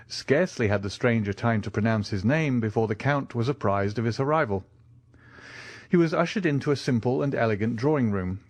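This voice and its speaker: Expressive male audiobook narrator. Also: mid-range voice, dry recording. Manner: measured, expressive reading. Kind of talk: scripted narration.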